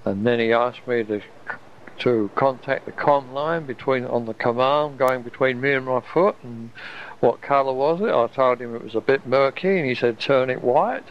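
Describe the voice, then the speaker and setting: A man with a mid-range voice tells a personal story at normal speed, recalling an experience in a rambling, wondering way and often restarting sentences. The recording is dull and lo-fi with a little hiss or hum.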